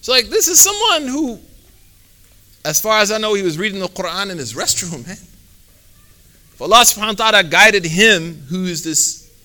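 Bright-voiced man giving a casual religious talk. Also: high-pitched, very animated, normal speed, pauses often. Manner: conversational, many fillers like "like", sprinkles Arabic phrases. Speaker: Islamic teacher and speaker.

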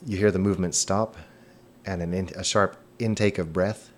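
A man narrating a tabletop role-playing game as game master, in a relaxed, descriptive way with occasional fillers. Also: deep voice, moderate pace.

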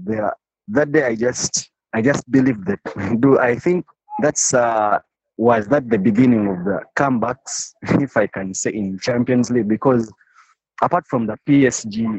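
Speaking at normal speed with a medium-pitched, darkish and slightly rough voice, a Ugandan football fan passionately recounts a story in an interview, often going back over phrases. The recording is dry and a bit dull.

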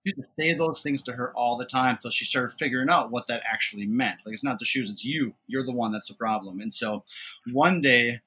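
A man in his thirties tells funny family stories as a podcast guest, animated and laughing as he goes. His voice has a bright, forward edge at an average pitch. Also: brisk, breathy edge. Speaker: guest, father and trainer. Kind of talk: casual storytelling.

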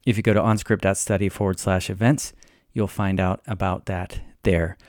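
A man hosting a podcast, reading announcements and an episode intro in a low-key way. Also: steady tone, normal speed, a little mellow, dry recording, studio quality. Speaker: podcast host. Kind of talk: scripted announcement.

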